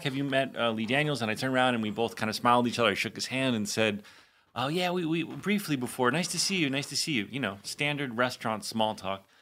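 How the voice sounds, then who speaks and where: A man co-hosting a podcast, chatting casually and telling an animated story, acting out the quotes. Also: medium pitch. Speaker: podcast co-host.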